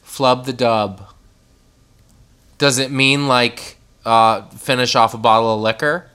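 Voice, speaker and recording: A man co-hosting a casual word-game chat, playful and quick to joke. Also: steady tone, pushed and bright, smooth. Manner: playful, breaks into a high old-timey character voice. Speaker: co-host.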